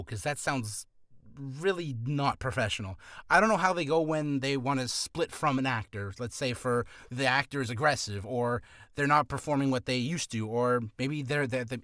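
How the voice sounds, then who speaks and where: A man's voice: mid-range voice, sharp tone, no echo, studio quality. A man who is a voice actor, giving casual advice in a rambling, self-deprecating, jokey vlog.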